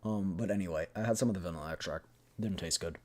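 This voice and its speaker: A man's voice: low voice, fast, a little mellow. A man commenting casually during a live stream, rambling and sarcastic, with lots of fillers.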